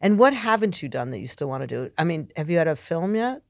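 A woman's voice: deep voice, sing-song, fast, gravelly, dry recording, studio quality. A woman host from New Jersey with a New Jersey accent, chatting casually in a rambling, self-interrupting way. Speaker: talk show host. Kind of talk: casual chat.

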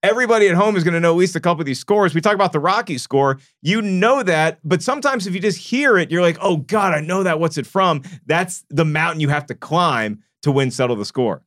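A man's voice: fairly high pitch, lively intonation, fairly bright tone, dry recording, clean studio sound. A man hosting a podcast, chatting casually and teasing his guests before signing off the show. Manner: playful, teasing, quick sign-off patter. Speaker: podcast host. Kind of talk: casual chat.

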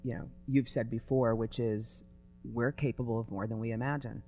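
A man telling a story in conversation in an animated way. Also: mid-range voice, normal speed, faint music behind.

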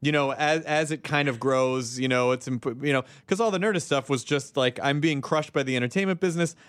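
A man's voice: mid-range voice, a little fast, fairly bright tone, dry recording. A man hosting a casual podcast chat, talking in loose, rambling runs, laughing often and correcting himself mid-sentence. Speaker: host.

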